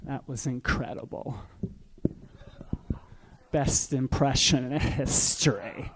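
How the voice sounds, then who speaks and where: A man hosting an open mic, giving deadpan, sardonic introductions. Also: mid-range voice, slow, noisy background. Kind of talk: dry stage introductions.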